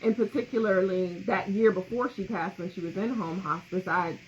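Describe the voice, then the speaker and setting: A woman with a medium-pitched voice speaks at a normal speed while co-hosting a podcast on grief. She's candid and emotional, breaking into laughter often and reading comments out loud, and the recording is a bit muffled with faint background noise.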